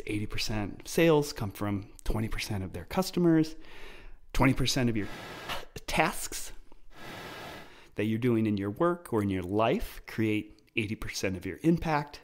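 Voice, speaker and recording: A man's voice: mid-range voice, a little mellow. A man hosting his own podcast, talking casually and explaining ideas through personal stories. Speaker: podcast host. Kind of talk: casual solo podcast talk.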